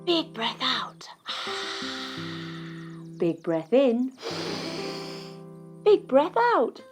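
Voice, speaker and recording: A woman's voice: medium pitch, a little mellow. A woman leading a children's yoga lesson as a story, playful and encouraging. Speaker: kids' yoga teacher.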